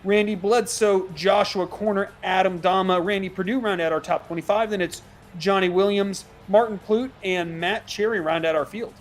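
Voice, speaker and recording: Quick-talking high-voiced male race caller. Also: fairly even intonation. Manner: quick, chatty, laughs easily. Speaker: sim racing commentator. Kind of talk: play-by-play commentary.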